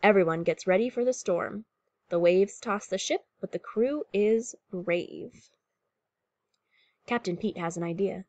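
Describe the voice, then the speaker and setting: A woman's voice: mid-range voice, a little slow, no room sound. A woman teacher reading a picture book aloud to pupils and explaining what the story shows. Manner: warm, clear classroom explaining.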